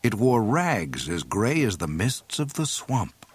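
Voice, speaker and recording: A man reading a story aloud in an expressive, dramatic narration. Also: lowish voice, slow, husky. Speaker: audiobook reader.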